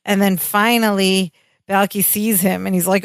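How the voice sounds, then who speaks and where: Smooth-voiced woman recapping a sitcom. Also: medium pitch, flat delivery, moderate pace, no echo. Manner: conversational, quotes characters' dialogue. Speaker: podcast co-host. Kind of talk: casual recap chat.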